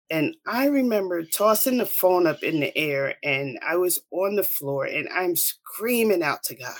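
A woman's voice: on the low side, animated, moderate pace, hardly any pauses, dry recording. Middle-aged woman guest, heartfelt storyteller, dry close sound. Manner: earnest, emotional storytelling. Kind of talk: telling a personal story.

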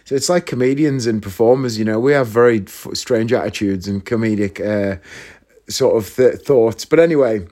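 A man's voice: on the low side, normal speed. Chatty man from northeast England telling stories. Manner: chatty, animated anecdote-telling with asides to listeners. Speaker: comedian. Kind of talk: casual storytelling.

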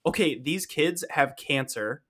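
A man's voice: fairly high pitch, animated, a bit bright, breathy edge. Heated young man on a podcast. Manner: heated, swearing, fast when worked up. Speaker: fitness podcast co-host. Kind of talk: casual chat.

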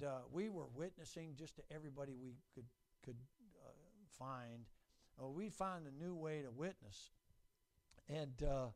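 An older man preaching a sermon as pastor, folksy and animated, acting out quotes and stories. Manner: folksy, animated, acts out quotes in high voices.

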